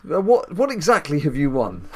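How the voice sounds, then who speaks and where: A middle-aged man hosting a casual gaming video with his son, joking and teasing in lively banter. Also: a little high, moderate pace, a little hiss or hum. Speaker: gaming channel host, dad.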